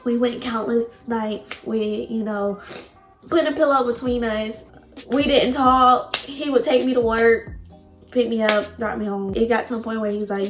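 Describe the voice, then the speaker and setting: A woman's voice: a little high, steady tone, unhurried, roomy sound, faint music behind. A young woman vlogger telling a personal love story to her viewers, candid and emotional.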